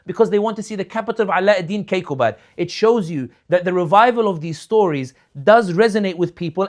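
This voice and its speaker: A man with a slightly higher-than-usual voice gives an impassioned commentary. He builds his points through fervent rhetorical questions and repetition. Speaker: political commentator. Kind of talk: impassioned talk.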